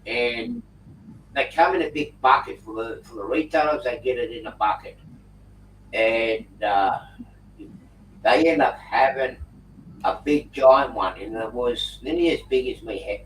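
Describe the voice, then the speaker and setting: A man tells a lively prank story on a group video call. His voice sits in the middle range. It comes through a distant computer mic in an echoey room with a faint hiss behind it. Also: medium pitch, moderate pace. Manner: animated yarn-spinner, prankster humor.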